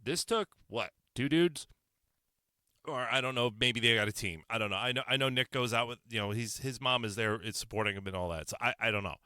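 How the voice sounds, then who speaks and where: A man's voice: mid-range voice, brisk, sharp tone, clear, resonant tone, no echo, clean studio sound. A man hosting his own opinion podcast, talking on his own into a microphone, sarcastic and firing off rhetorical questions. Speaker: podcast host. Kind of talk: solo opinion podcast monologue.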